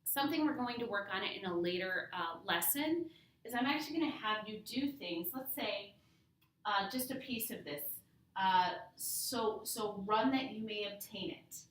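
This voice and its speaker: A woman's voice: mid-range voice, lively intonation, normal speed, a bit bright. A woman teaching a casual Bible study lesson, talking through a verse and leaning on single words to show emphasis. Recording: roomy, from a distance.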